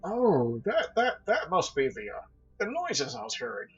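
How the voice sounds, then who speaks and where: The game master voicing a portly, jovial male merchant who greets travelers heartily, raised and bright over slightly dull audio. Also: mid-range voice, huge pitch swings, unhurried, husky, soft background music, voice pushed up, full character voice. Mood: hearty.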